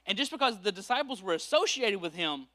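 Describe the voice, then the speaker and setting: The man delivering this sermon as pastor has a high voice and a quick pace. He narrates the story with animation and performs the voices of the people in it.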